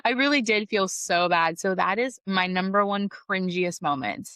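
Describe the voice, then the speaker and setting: A woman's voice: mid-range voice, normal speed, smooth, no echo. A woman guest on a podcast, telling work stories in casual chat, laughing often and acting out what people said. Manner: animated, laughs often, acts out quoted lines. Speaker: podcast guest, lead EMT.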